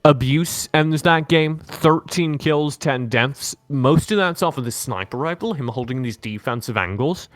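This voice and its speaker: A man's voice: mid-range voice, unhurried, few pauses, fairly bright tone, no echo, faint music behind. A man casting a mobile shooter esports match live, breaking down plays with joking, analytical banter. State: tired from no sleep. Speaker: esports caster.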